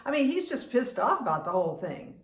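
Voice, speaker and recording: A woman's voice: mid-range voice, wildly swooping pitch, brisk. Chatty woman in her seventies, echoey room. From United States. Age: 70s. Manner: chatty, opinionated, with frequent restarts. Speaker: vlogger and humorist. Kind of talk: casual talking-to-camera vlog.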